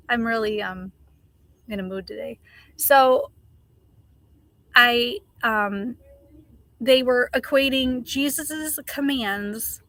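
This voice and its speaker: Middle-aged woman, live streamer, heated unhurried rant, bright tone, dry close sound. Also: a little high, dry recording. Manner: passionate, ranting, swears, greets chat viewers. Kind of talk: casual livestream chat.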